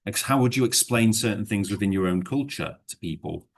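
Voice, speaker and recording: Speaking fairly quickly in a low, creaky voice, a man gives an English lesson to one learner, with a little hiss or hum in the recording. He is relaxed, rambles and hedges with lots of fillers, and then explains through worked examples.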